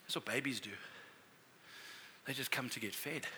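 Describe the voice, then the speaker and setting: A middle-aged man preaching a sermon as a pastor, telling family stories in a conversational, animated way. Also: mid-range voice, moderate pace, a little hiss or hum.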